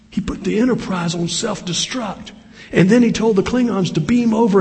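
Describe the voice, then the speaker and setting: A man's voice: sits high, a little fast, darkish tone. An older man preaching a sermon, telling homely stories in a folksy way, with restarts and chatty asides. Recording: long reverb in a large hall.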